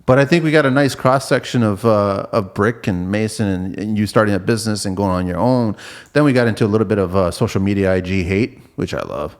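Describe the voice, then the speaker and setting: A man's voice: fairly low pitch, a little fast, hardly any pauses. A man hosting a podcast in a studio, chatting casually and joking around, swearing freely. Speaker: podcast host.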